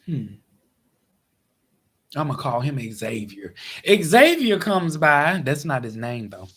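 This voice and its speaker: A man's voice: slow, breathy edge. A man telling a casual, exasperated story to his viewers, with big swings in his voice. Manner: animated, exasperated retelling with big pitch swings. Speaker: vlogger.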